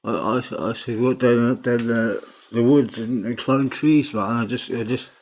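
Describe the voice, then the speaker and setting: A man's voice: medium pitch, steady tone, darkish tone. A man co-hosting a comedy podcast, chatting casually with stumbling repeats and plenty of swearing. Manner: halting, repeats words, sweary. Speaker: podcast co-host.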